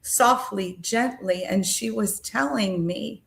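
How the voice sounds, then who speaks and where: Slow, reflective middle-aged woman. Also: mid-range voice, gravelly, fairly bright tone. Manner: unhurried, with frequent ums and uhs. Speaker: podcast host sharing a personal story. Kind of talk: reflective spiritual testimony.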